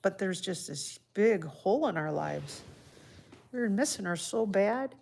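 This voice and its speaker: A woman hosting a casual livestream from home, chatting softly and heartfelt while answering viewers by name. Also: medium pitch, animated, a little slow, gravelly. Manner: soft-spoken and heartfelt. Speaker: livestream host. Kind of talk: casual live-stream chat.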